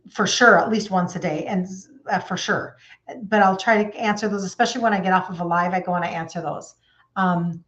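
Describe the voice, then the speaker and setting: This medium-pitched recording has its high frequencies cut off. The speaker is a fifty-something health coach who talks loosely on her live stream, reading viewer comments aloud and filling the gaps with plenty of fillers.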